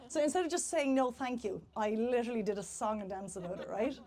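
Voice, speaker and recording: A young woman with an Irish accent tells a funny personal story to a live audience. Her voice sits a little high, and she talks in a chatty, self-mocking way, often breaking into laughter. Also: quick pace, darkish tone. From Ireland.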